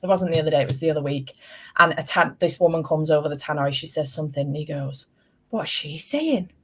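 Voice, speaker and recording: A woman's voice: low-pitched, little pitch movement, fast, fairly bright tone. A woman, telling stories in a casual chat and swearing freely. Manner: chatty storyteller, swears casually. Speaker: host.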